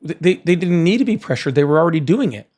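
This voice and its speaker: A young man hosting a casual political debate, blunt and argumentative, with rough, profane language. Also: fairly high pitch, lively intonation, quick pace, a little mellow. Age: young adult. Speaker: political show host.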